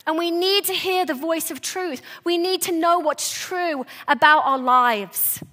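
Woman pastor, sermon; high, bright voice, earnest and tender, lively asides. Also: a little slow. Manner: earnest, soft-spoken with animated bursts and restarts.

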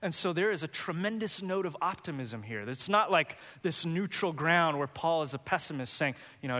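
A man preaching a sermon as pastor, earnest and building to animated, high-pitched emphasis. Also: normal speed, hardly any pauses, long reverb tail.

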